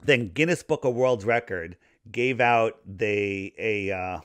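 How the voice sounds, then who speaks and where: A man speaking as a podcast guest in casual conversation, talking in a rambling, animated way as he loses his voice. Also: on the low side, slow, smooth, dry recording. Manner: rambling, animated conspiracy talk. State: losing his voice.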